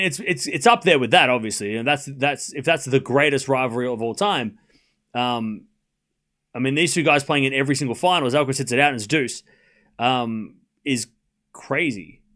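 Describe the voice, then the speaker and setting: Chatting casually with viewers on a live tennis watchalong stream, this man with a medium-pitched voice rambles before calling each rally shot by shot at speed. On tense, big points his play-by-play commentary climbs in excitement.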